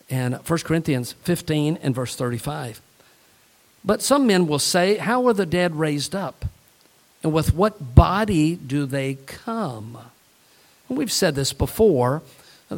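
A man preaching a sermon as pastor, animated, mixing scripture reading with jokes and acted-out voices. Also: fairly high pitch.

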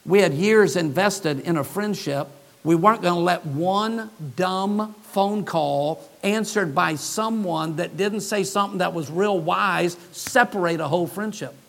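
A high-pitched male pastor preaching a sermon in a church. He tells his stories in an animated way and acts out each person in the dialogue with his own shifting voices. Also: a little slow, gravelly. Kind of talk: sermon storytelling.

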